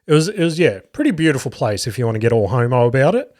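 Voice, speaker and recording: With big pitch swings and a darkish tone, a fast-talking Australian man in his thirties holds forth on his solo podcast, his voice medium in pitch. The comedian and host rambles, swears freely and leans on ums and likes. The audio is studio quality with no echo.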